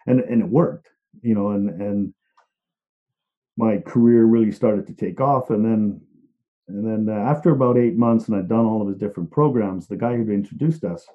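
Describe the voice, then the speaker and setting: Middle-aged man, reflective storyteller, low-leaning voice, halting and emotionally open, tinny phone-like audio. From England, Liverpool. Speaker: speaker sharing a personal story. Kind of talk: personal storytelling talk. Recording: narrow phone-like sound.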